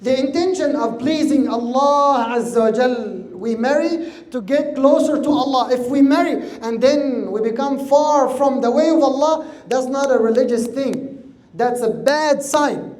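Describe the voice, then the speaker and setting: A man's voice: very high voice, unhurried, darkish tone. A man giving a religious lecture, earnest and repeating his key words for emphasis. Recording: echoey room.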